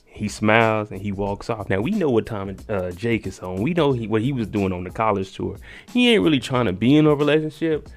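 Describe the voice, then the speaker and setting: A man's voice: lowish voice, lively intonation, a little fast, faint music behind. A man giving a casual, joking recap of a TV episode, talking slangy and aside to the viewer. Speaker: TV recap host.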